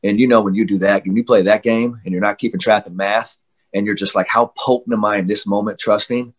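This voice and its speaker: A man's voice: fairly low pitch, fairly even intonation, fast talker. A man in his forties, a mental skills coach, talking as an interview guest in swaggering, fired-up trash talk full of slang.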